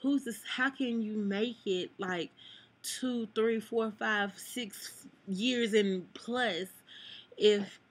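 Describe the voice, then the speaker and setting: This young vlogger speaks extremely slowly into her camera mic, her medium-pitched voice husky. The talk is emotional and rambling, packed with "like," and she sometimes seems near tears.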